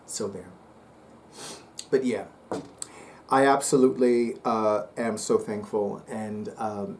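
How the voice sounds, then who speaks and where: A man talking casually to his viewers, chatty and playful with lively asides. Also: mid-range voice, normal speed, a little hiss or hum. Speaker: psychic reader and YouTuber. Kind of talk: casual monologue to camera.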